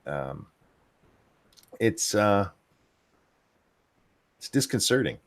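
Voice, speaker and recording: Low-voiced guy hosting a chat show, rambles w lots of ums, dry close sound. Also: sing-song, extremely slow, no room sound. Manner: rambling, filler-heavy delivery. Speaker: podcast host. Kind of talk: casual political chat.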